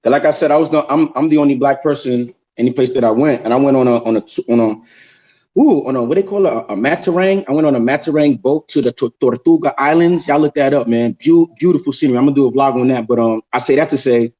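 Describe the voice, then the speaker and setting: Fast-talking man telling a story. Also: mid-range voice, dull audio. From New York. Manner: animated storytelling, repeats words. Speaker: show host. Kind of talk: casual group chat.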